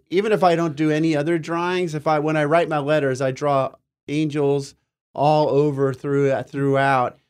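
A man's voice: on the high side, clear, resonant tone. A man co-hosting a spiritual talk show, telling earnest, rambling personal stories in casual chat.

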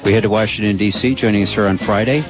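A man's voice: lowish voice, fairly even intonation, quick pace, music in the background. A man hosting a talk radio show in a casual, conversational manner.

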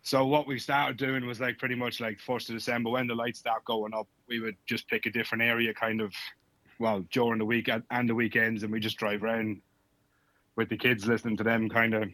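A man's voice: medium pitch, level tone, a little fast, sharp tone. A man from Ireland with an Irish accent, a guest on a casual podcast, joking in a dry, self-deprecating way.

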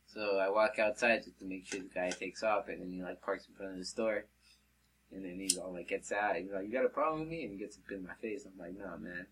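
A man's voice: sits low, little pitch movement, brisk, a bit bright, a little hiss or hum, rough recording. A man telling a story to friends in a rambling, profane way, full of fillers. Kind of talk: casual chat.

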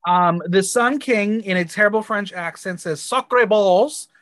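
A woman's voice: medium pitch, moderate pace, fairly bright tone, dry recording, studio quality. A woman from the United States co-hosting a podcast, recapping a TV episode in blunt, crude, playful chat with exaggerated reactions. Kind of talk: casual chat.

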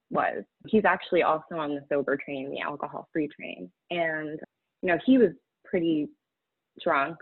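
A woman speaking candidly in an interview, halting and emotional, close to tears at times. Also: fairly low pitch, no echo. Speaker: guest sharing a personal story. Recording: tinny phone-like audio.

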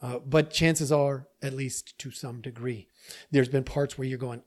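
A man hosting a podcast, delivering an emphatic opinion monologue straight to his listeners, with an animated, persuasive manner. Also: mid-range voice, unhurried. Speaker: podcast host.

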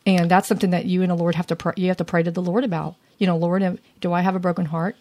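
Lively woman talking faith. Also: on the low side, racing. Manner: lively, earnest, laughs easily. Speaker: co-host of a women's faith talk. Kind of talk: casual faith chat.

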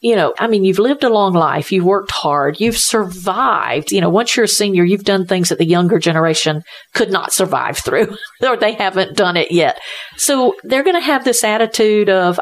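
A woman's voice: medium pitch, lively intonation, moderate pace. Earnest woman explaining phone scams. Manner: earnest, repeats points for emphasis. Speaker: senior tech support business owner. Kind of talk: conversational interview.

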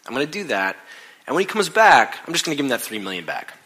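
A pastor voicing a fretful middle-aged manager. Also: male voice, mid-range voice, big pitch swings, quick pace, sharp tone, breathy edge, full character voice. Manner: fretful, hesitant, rambling. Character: anxious cautious middle-aged male manager.

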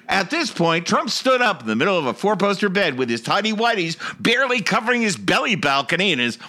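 A man's voice: sits high, very animated, brisk, hardly any pauses, sharp tone. A man hosting a comedic political show, mocking the news and laughing often. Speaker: host.

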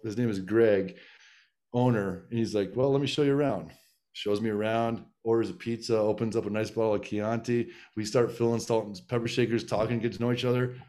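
Middle-aged man, low-ish voice, loose rambling storyteller, lots of restarts. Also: flat delivery, a little fast, mellow. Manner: rambling, frequent restarts and filler. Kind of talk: casual storytelling chat.

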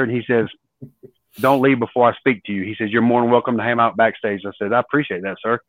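A man and former wrestler, a podcast guest, telling lively stories and acting out what others said. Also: mid-range voice, brisk, dry recording. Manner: animated storyteller acting out quoted voices. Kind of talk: storytelling in an interview. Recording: dry tinny phone-like line.

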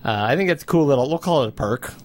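A man's voice: medium pitch, expressive, fast. A man co-hosting a casual podcast, joking and hesitant, with frequent restarts. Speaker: podcast co-host. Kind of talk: casual chat.

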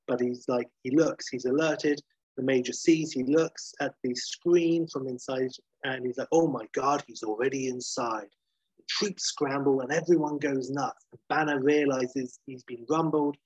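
Man retelling a story, husky. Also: mid-range voice, moderate pace, no echo. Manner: lively, sweary, acts out characters' lines. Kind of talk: casual spoken retelling of a story. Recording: dull muffled lo-fi sound.

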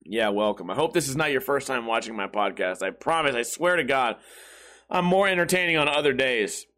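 A man hosting his own podcast, hoarse and with a failing voice, grumbling and cursing his way through a casual rant. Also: mid-range voice, animated, brisk, pushed and bright. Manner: profane, grumbling, self-deprecating. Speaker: podcast host.

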